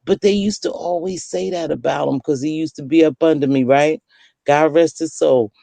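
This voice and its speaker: A woman in her sixties hosting a casual late-night chat, telling lively stories and acting out the voices she quotes. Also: sits low, normal speed, vocal fry, no echo. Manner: lively storyteller who acts out quoted voices. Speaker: host.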